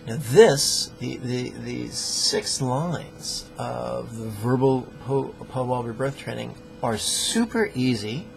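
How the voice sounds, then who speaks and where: A man's voice: mid-range voice, lively intonation, slow, creaky, few pauses, faint music behind, rough recording. A man teaching a guided meditation lesson in a playful, joking, plainspoken way.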